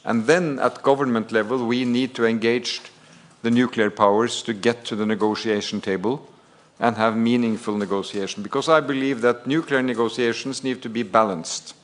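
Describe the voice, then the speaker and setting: A man from Norway, answering at a press conference as head of government in a measured, step-by-step way. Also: medium pitch, steady tone. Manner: measured, deliberate, builds points in steps.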